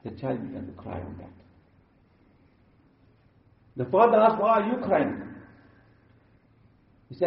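A man's voice: high-pitched, sing-song, measured pace, vocal fry, pauses often. A man giving a sermon and telling stories, his delivery rising and dropping suddenly. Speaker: preacher. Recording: distant, echoey, muffled.

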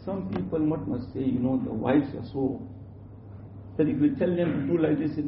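High-voiced man preaching in a roomy hall. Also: a little fast. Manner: repetitive, emphatic, with many restarts. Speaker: Islamic preacher. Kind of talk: sermon. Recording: roomy, distant, dull lo-fi with faint hum.

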